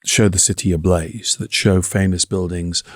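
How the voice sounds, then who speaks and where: A man's voice: low voice, steady tone, normal speed, dry recording, studio quality. A man co-hosting a history discussion, thoughtful and building his points in lists. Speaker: co-host.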